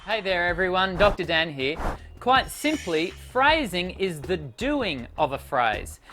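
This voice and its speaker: A woman vocal coach giving a singing lesson in a clear, expressive teaching voice. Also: fairly low pitch, measured pace, loud music behind the voice.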